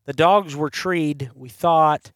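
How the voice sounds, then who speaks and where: A man with a fairly high speaking voice tells a hunting story in a relaxed podcast chat, slipping into the voices of the people he quotes. The sound is dry and close, with no room around him. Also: slow, no room sound. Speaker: podcast host. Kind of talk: casual storytelling. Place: campside.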